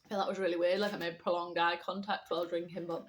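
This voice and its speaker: A woman's voice: on the low side, little pitch movement, quick pace. A woman from the UK chatting casually at home, rambling and often dropping to a murmur. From United Kingdom. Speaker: vlogger. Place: indoors at home. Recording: roomy, distant camera mic.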